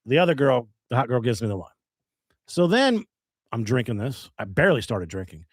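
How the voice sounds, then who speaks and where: A man's voice: mid-range voice, a little fast, dry recording. A man spins a rambling bar story on a podcast, his voice rising and falling a lot as he goes. He swears freely and breaks into laughs. The sound is dry and close. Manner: lively, animated, swears freely, laughs often. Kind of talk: casual storytelling.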